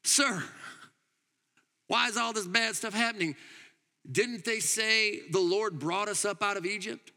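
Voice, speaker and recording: A pastor reading as a bewildered young farmer. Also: male voice, sits high, a little slow, long pauses, bright, forceful tone, big-room sound, full character voice. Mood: plaintive. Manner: plaintive and questioning. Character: bewildered complaining young Israelite farmer man.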